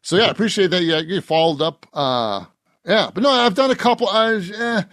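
A middle-aged man with a high voice chats as an author guest on a podcast. His speech is joking and rambling, and he often trails off into a laugh. The sound is close and dry. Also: lively intonation, a little fast, a bit bright, no room sound. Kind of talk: casual interview chat.

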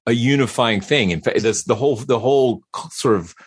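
A man talking casually as a podcast guest, animated and given to repeating words as he starts a thought. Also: medium pitch, brisk, breathy edge, no echo, studio quality. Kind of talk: casual conversation.

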